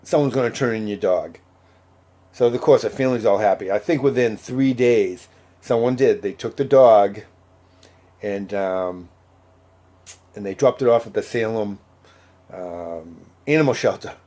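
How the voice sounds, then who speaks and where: A man with a low, mellow voice tells a story in a loose, conversational way. He fills his talk with "uh" and "like" and acts out the lines of the people in it. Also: measured pace, pauses often. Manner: conversational, many fillers and quoted dialogue. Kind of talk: casual anecdote.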